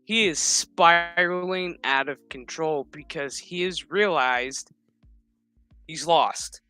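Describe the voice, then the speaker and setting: A man's voice: on the high side, slow pace, sharp tone, smooth, dry recording, faint music behind. A man casually recapping a TV episode, rambling and swearing while acting out what the characters say. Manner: profane, rambling retelling that acts out quotes. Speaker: show recap vlogger.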